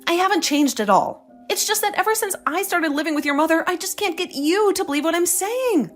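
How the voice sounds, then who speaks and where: A woman's voice: extremely high pitch, animated, brisk, soft background music. A woman voicing a young wife who stands her ground, talking in an indignant, sarcastic way. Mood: indignant, defiant. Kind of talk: dramatized story dialogue.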